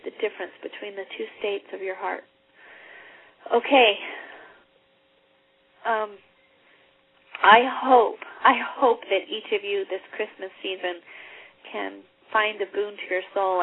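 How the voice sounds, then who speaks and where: A woman teacher reading aloud and lecturing in an earnest way, repeating passages and pausing often on fillers. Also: mid-range voice, breathy edge. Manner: earnest, repetitive, with hesitant fillers. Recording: tinny phone-like line.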